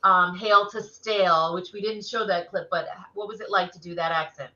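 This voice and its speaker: Woman, co-host; chatty and quick to laugh; bright, echoey. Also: lowish voice, steady tone. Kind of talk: casual interview chat. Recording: echoey dull lo-fi room sound.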